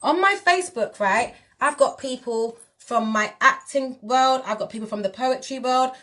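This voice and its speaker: A woman's voice: high voice, normal speed, bright, forceful tone. Defiant British woman with Jamaican patois. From England. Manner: defiant, emphatic and repetitive. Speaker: singer speaking on a livestream. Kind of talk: impassioned live video rant.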